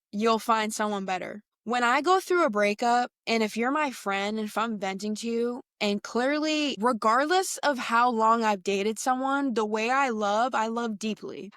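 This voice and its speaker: A woman's voice: on the high side, dry recording, studio quality. Blunt, slangy young woman podcaster. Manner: blunt, animated, slangy and conversational. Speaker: podcast host. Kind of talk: casual solo podcast monologue.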